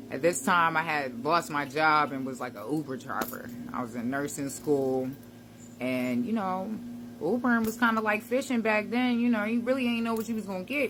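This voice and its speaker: Lower-voiced woman giving casual motivational talk. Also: noisy background. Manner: conversational and reflective, with slang and frequent laughs. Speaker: self-help vlogger.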